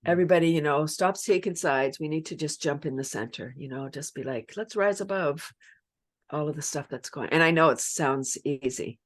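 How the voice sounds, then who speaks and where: A woman's voice: sits low, moderate pace. A middle-aged woman who leads laughter yoga, talking animatedly in a casual interview and laughing often. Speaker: laughter yoga leader and guest.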